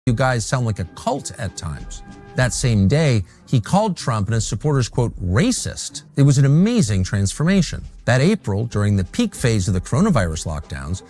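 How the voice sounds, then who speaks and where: A man reading scripted documentary narration in a measured way, with dramatic delivery of quotes. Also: medium pitch, very animated, a little mellow, faint music behind.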